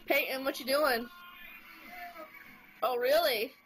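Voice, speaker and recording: A woman's voice: sits high, steady tone, slow, a bit bright, low-quality recording. A woman filming her small nieces at home, teasing and playing with them in casual chatter. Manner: playful, teasing, talks to small children. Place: home, indoors. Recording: home video with TV music behind.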